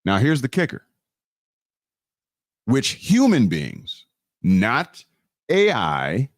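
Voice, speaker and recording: Guy preaching on a live stream, pitch jumps all over, dry close sound, repeats himself for emphasis. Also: wildly swooping pitch, no echo. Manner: drawn-out emphasis with frequent fillers and restarts. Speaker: host of a live teaching stream. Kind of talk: live online teaching on law and scripture.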